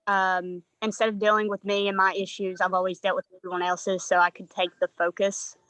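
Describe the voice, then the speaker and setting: A woman's voice: mid-range voice, flat delivery, a little fast, a bit bright, dry recording, low-quality recording. A woman reflecting thoughtfully as a workshop participant over a video call. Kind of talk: reflective sharing.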